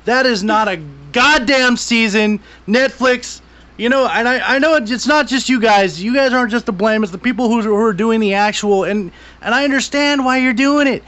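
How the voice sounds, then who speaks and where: High, bright-voiced man cursing through a rant. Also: moderate pace. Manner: profane frustrated ranting, swings from grumbling to shouting. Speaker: podcast co-host. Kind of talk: casual chat. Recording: dull lo-fi podcast audio.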